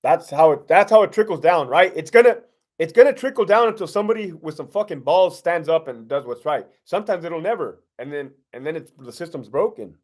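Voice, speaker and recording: A middle-aged man with a fairly high voice hosts a loose live-stream Q&A, reading out viewers' questions one after another. He answers bluntly, swears freely and slips into streetwise slang, the way a former prison lieutenant talks off the clock. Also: lively intonation, a little fast, a little mellow.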